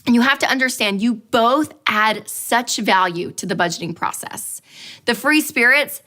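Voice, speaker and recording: A woman giving a personal finance talk, telling a lively story with animated expression and frequent laughter. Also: fairly high pitch, normal speed.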